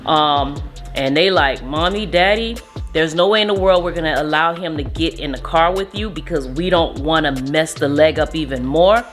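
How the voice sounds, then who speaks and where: A young mother casually telling a story to her viewers, animated and acting out what people said. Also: deep voice, moderate pace, faint music behind. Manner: animated retelling, acts out quotes. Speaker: vlogger, mother.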